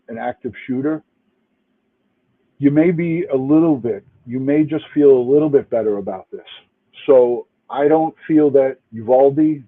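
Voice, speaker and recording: A retired police detective from New York City, angry and emphatic, cursing and restarting as he comments to a live chat. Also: mid-range voice. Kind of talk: livestream commentary. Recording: tinny phone-like line.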